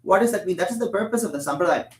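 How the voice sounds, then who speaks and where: A young man gives a temple discourse at a quick clip, his voice sitting a bit high. He poses questions and answers them himself, now and then rattling off chanted verses, in an echoey room. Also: lively intonation. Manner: explanatory, asks and answers his own questions. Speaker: temple lecturer. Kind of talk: religious discourse.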